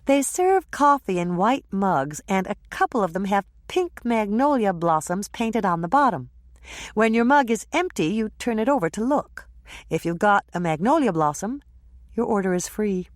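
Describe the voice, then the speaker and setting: A woman voicing an eager, chatty young woman, delivering breathless gossip in a high, bubbly voice. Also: big pitch swings, normal speed, no room sound, clean studio sound, lightly acted. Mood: gossipy.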